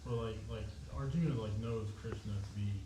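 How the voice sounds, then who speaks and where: A man's voice: fairly low pitch, fairly even intonation, fairly quick. A man in a study group asking a question hesitantly, with plenty of filler words. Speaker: class member. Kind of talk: casual question in a discussion. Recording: echoey room, mic far off, noisy.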